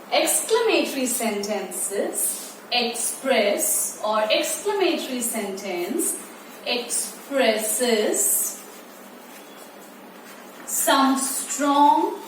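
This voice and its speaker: A woman teaching an online English lesson to young children, repeating key words slowly and drawing them out. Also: high-pitched. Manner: slow, repetitive, stretching key words. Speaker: primary school English teacher. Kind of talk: online class lecture. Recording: distant, very echoey room with faint noise.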